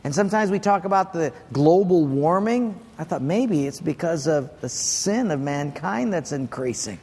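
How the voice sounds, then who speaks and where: Guy pastor preaching then praying, kinda high voice, big echoey church sound. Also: expressive, normal speed, darkish tone, breathy edge. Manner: storytelling, earnest, quotes dialogue, prays aloud. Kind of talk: sermon. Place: church sanctuary.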